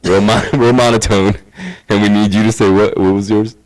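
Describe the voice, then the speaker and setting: Man, casual chat, high, swears a lot, laughs often, fairly low voice. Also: flat delivery, moderate pace, a little mellow, a little hiss or hum, poor audio. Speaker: podcast co-host.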